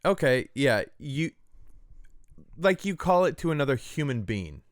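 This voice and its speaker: A man hosts a comedy podcast with a smooth, clear voice at an ordinary pitch. He jokes in a casual, deadpan way and slips into mock solemnity. The sound is close and dry. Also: unhurried, dry recording. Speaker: podcast co-host.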